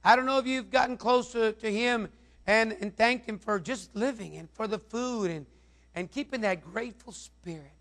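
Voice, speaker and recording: A man's voice: sits high, moderate pace, fairly bright tone. A male pastor preaching a sermon, rambling, with many repeated words and fillers.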